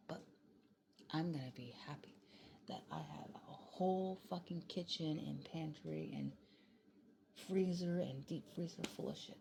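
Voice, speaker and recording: A woman's voice: deep voice, animated, moderate pace, gravelly, background noise. A tired young woman, rambling casually into her phone late at night at home, swearing freely and slipping into whispers. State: tired and yawning. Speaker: vlogger.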